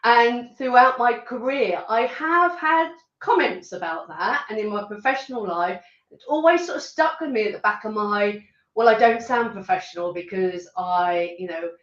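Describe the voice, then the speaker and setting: A woman's voice: mid-range voice, lively intonation, normal speed, fairly bright tone, reverberant, muffled recording. A woman with a rural Suffolk accent, chatting as an interview guest, laughing often and restarting her sentences. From rural Suffolk, England. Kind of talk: casual interview chat.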